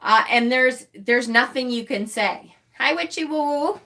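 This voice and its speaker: Bright-voiced woman chatting on a livestream. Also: high-pitched, a little slow. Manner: blunt, swears freely, laughs often. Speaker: livestream host. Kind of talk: casual livestream chat.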